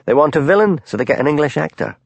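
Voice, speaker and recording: A man voicing a shrewd, calm village policeman who asks quiet, probing questions. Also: fairly high pitch, fast, gravelly, husky, no room sound, voice pushed up, full character voice.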